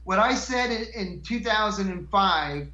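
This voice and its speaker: A man's voice: high-pitched, animated, a little slow, sharp tone, reverberant, highs cut off. A man telling stories as a guest in a casual chat, rambling and laughing, with frequent restarts.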